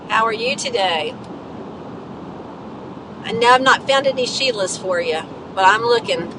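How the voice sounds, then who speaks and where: A woman's voice: on the high side, lively intonation, a little slow, pauses often. A woman hosting a live stream from her car, chatting casually with viewers and greeting them by name between remarks about traffic. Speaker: livestream host. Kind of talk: casual live-stream chat while driving. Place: inside a car on the road. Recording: road noise from a moving car.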